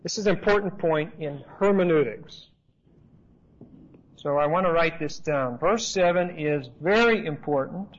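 Emphatic high-voiced male Bible teacher. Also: measured pace. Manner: emphatic, repetitive, conversational. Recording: dull lo-fi recording.

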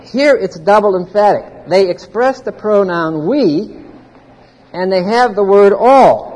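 A man's voice: high-pitched, expressive, takes it slowly, darkish tone. A man giving an expository Bible teaching to a live audience in a large hall, explaining grammar point by point and quizzing his listeners. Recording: reverberant hall, faint background noise.

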